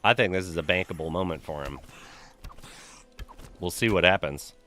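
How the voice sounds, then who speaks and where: A man's voice: sits low, moderate pace, pushed and bright, faint music behind. A young man streaming a game, chatting casually with viewers, reading names from chat and telling crude, joking stories. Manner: loose, profane, joking storyteller reading chat.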